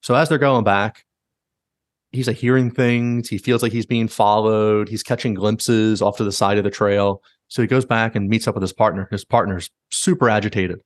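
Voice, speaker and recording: A man's voice: on the low side, normal speed, no echo, clean studio sound. A man hosting a podcast, animatedly retelling stories in casual chat and leaning heavily on "like". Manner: animated retelling, heavy use of "like". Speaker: podcast host.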